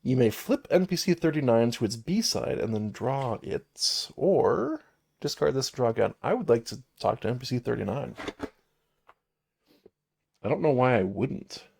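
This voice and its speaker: A man's voice: medium pitch, animated, normal speed, vocal fry, a little mellow, slight background noise. A man streaming a solo tabletop game, chatting casually and reading game cards aloud. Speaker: solo game player and narrator. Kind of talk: casual live-stream play-through.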